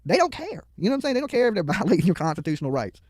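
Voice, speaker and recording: A man's voice: sits high, big pitch swings, racing, a little mellow, dry recording. A man giving profane, mocking live commentary on a video from a studio, heckling the people on screen and rambling into stories.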